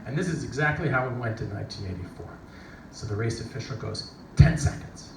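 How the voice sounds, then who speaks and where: A middle-aged man giving a motivational talk, telling a story with lively energy and acting out the people in it. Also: medium pitch, fast talker, gravelly. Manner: animated storyteller, acts out voices and shouts. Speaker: motivational speaker. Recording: echoey hall from a distance, noisy.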